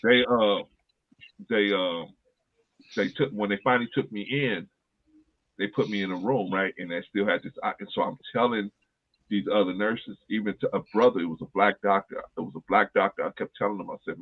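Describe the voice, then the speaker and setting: Husky-voiced man on a tinny line. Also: on the low side, fairly quick. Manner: earnest, repeats phrases for emphasis. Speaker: podcast host. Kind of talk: casual chat, personal storytelling.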